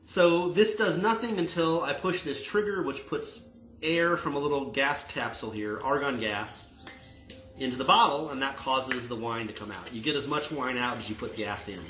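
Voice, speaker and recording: A man's voice: medium pitch, moderate pace, fairly bright tone, echoey room, soft background music, low-quality recording. A man who manages a tasting room, chatting casually and telling joking stories on a livestream. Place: home room. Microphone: video stream mic.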